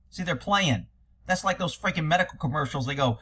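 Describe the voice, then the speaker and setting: A man's voice: sits high, expressive, fast talker, pushed and bright. A man commenting on police videos from a cop's point of view, blunt, sarcastic and profane. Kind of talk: reaction commentary.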